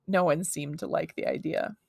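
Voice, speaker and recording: A woman reads a children's book aloud in a friendly, expressive way. Her voice has a gravelly fry underneath. The sound is dry and close, with no room echo. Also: sits low, normal speed. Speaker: read-aloud storyteller.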